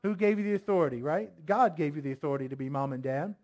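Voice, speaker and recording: Man, high-pitched voice, pastor, sermon, asks congregation questions, forceful scripture reading. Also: fast. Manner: reads scripture aloud, voicing commands forcefully.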